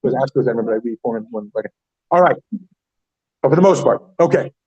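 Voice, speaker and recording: A man teaching a Yiddish class, chatty and animated, often restarting his sentences as he talks to the room. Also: mid-range voice, racing, slightly rough, no room sound, highs cut off. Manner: animated, chatty, self-interrupting. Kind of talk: classroom lesson.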